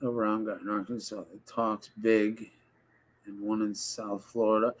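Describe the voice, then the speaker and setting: A man's voice: on the low side, flat delivery, unhurried. A man giving a casual interview, rambling and heated, swearing often and mimicking other people in quoted voices. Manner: profane, rambling, heated, many fillers and restarts.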